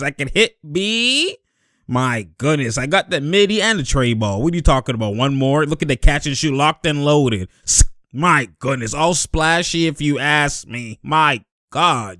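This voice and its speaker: A young man giving excited, animated commentary over basketball highlights, laughing often and shouting at the plays. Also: no room sound, studio quality.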